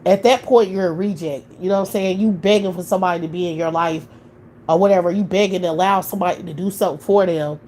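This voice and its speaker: A woman hosts a casual live stream and gives her opinions bluntly, with plenty of swearing. Her voice sits on the low side, and a faint hiss runs under it. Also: fairly even intonation, fast, darkish tone.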